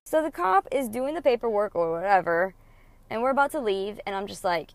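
A woman's voice: medium pitch, expressive, a little fast, no room sound. Blunt, foul-mouthed woman telling her story, dry sound. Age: adult mother. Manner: blunt, profane and emotional, quoting others in dialogue. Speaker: storyteller recounting her own life. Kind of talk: candid storytime monologue.

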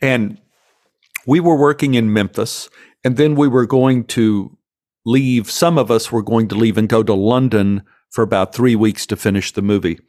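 A man telling anecdotes from his acting career, emotional and animated. He restarts his sentences often and leans into the telling. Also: lowish voice, normal speed. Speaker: actor guest. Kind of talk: anecdotal storytelling in an interview.

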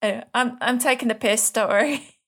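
Woman, podcast co-host, slightly high voice, casual teasing banter, short interjections. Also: a little fast, a bit bright, slightly rough. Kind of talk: casual chat.

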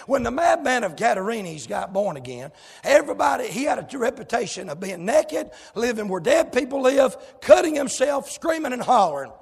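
Gravelly, high-pitched preacher shouting. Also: male voice, sing-song, moderate pace, in a large hall. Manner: fiery, shouting Southern revival preaching. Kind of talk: sermon.

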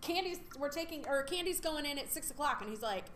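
A woman's voice: sits high, expressive, fairly quick, fairly bright tone, slight background noise. A woman co-hosting a casual podcast chat, making blunt, teasing remarks. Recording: echoey room.

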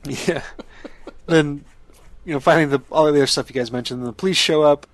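A man's voice: a little high, fairly quick. A man chatting casually as a podcast co-host, rambling, laughing often and swearing freely. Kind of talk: casual chat.

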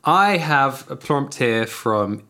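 A man's voice: mid-range voice, animated, slow pace, sharp tone. Guy hosting a jokey podcast chat, laughs a lot. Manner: jokey, laughs often, reads listener prompts. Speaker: podcast host. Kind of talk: casual comedy chat.

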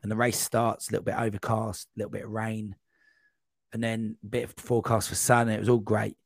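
A man guest on a podcast, telling a long, rambling running anecdote in a casual, animated way. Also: lowish voice, fairly quick, creaky, dry recording. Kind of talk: casual storytelling.

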